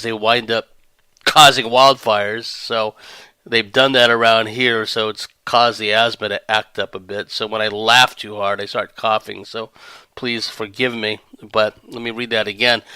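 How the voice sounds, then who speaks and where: Male podcast host, rambling sardonic commentary, smooth and resonant voice. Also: mid-range voice, bright, forceful tone, no echo. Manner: rambling, sardonic, breaks into laughter. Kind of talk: monologue commentary.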